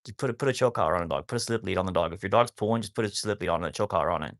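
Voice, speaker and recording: A man's voice: deep voice, racing. A man rambling casually to viewers on a live stream about rescuing wolfdogs, often cooing at his dogs.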